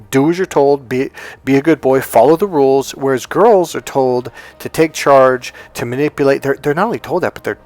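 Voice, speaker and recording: A man's voice: a little mellow, dry recording. Man telling a rambling story. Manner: rambling, acts out quoted people in a high voice. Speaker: dating coach. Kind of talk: casual storytelling monologue.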